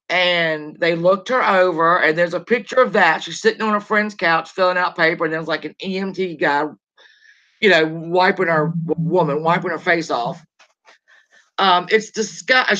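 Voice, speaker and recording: A woman's voice: fairly low pitch, a bit bright. A woman hosting a casual gossip livestream, rambling and greeting viewers as she tells the story. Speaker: show host. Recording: lo-fi dull sound.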